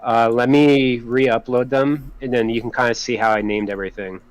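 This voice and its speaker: A man on a game dev team explaining a technical problem casually, halting and restarting often. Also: medium pitch, steady tone, no echo, low-quality recording. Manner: halting, many ums and restarts.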